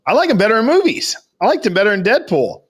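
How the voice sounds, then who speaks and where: A man's voice: high voice, wildly swooping pitch, quick pace, breathy edge. A young man co-hosting a casual podcast in a loose, teasing way, throwing in "dude" and "y'all". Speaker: podcast co-host. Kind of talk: casual chat.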